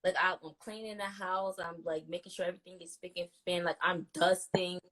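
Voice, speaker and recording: Female co-host, low-pitched, relaxed drawl, casual chat. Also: a little fast, poor audio. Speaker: podcast co-host.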